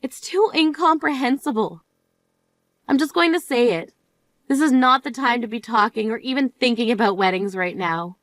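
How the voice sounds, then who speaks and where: Actress as a grieving sister, high voice, exasperated and scolding, dry close sound. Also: female voice, normal speed, dry recording, natural voice. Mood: furious. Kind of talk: dramatized story voice acting.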